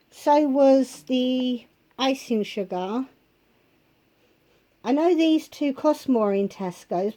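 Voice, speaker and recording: A woman talks slowly through her shopping haul, her voice nasal and stuffy from a heavy cold. Her tone is dark and mellow, pitched a little high, and she fills gaps with frequent ums as she reads out prices in a casual, chatty way. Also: rough recording. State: blocked nose from a cold. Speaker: vlogger.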